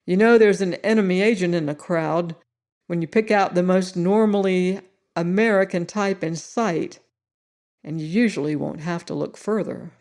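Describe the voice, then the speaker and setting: A woman voicing a shrewd, measured army colonel. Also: lowish voice, a little mellow, lightly acted.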